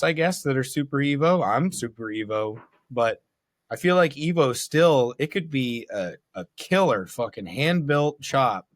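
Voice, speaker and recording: A man in casual conversation on a motorcycle podcast, relaxed and swearing freely. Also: mid-range voice, no echo, clean studio sound. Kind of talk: casual chat.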